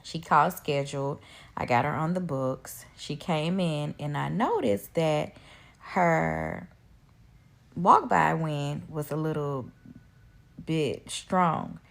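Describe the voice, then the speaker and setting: Gravelly woman telling a story. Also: deep voice, takes it slowly. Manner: animated, retelling events with quoted dialogue. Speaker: post-op care provider. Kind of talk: storytelling in a clip.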